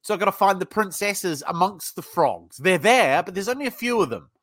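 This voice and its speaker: A middle-aged man with a British accent, talking in a high, bright voice. He is blunt and profane, and he acts out both sides of phone sales calls as he tells stories in a podcast interview. The recording is dry and close to the mic. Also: lively intonation, a little fast, dry recording. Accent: British English. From United Kingdom. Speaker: sales trainer, guest.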